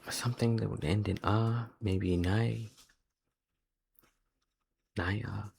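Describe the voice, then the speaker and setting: Low, gravelly-voiced man musing over a quiz. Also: steady tone, slow pace, a little mellow. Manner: hesitant, muttering guesses to himself. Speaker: quiz video host. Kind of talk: thinking aloud while solving a quiz.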